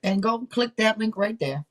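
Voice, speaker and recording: A woman in her forties chatting casually on a live tarot stream, loud and blunt, joking and swearing freely, her throat a little irritated. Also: on the high side.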